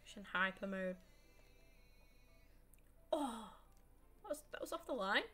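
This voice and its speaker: Woman, 20s, streamer; chatty, self-mocking, swears freely, laughs a lot, mid-pitched voice. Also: expressive, unhurried, sharp tone. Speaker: gaming streamer. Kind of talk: casual live gameplay commentary.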